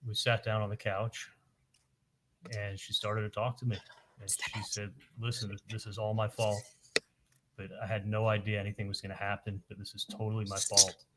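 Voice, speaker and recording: A man on the witness stand, recounting events haltingly and quoting the dialogue in detail. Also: lowish voice, level tone, very noisy. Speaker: witness testifying at a trial. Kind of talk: courtroom testimony.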